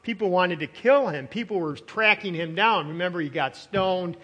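A man's voice: sits high, moderate pace, a bit bright, lo-fi sound. A man preaching a sermon as pastor, earnest and repetitive, often voicing the doubts of his listeners. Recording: long hall reverb.

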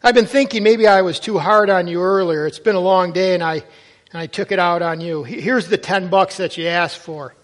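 Story dad, weary and curt, played by a man with a fairly high voice. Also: moderate pace, lightly acted. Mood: softened. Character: tired, irritated working father.

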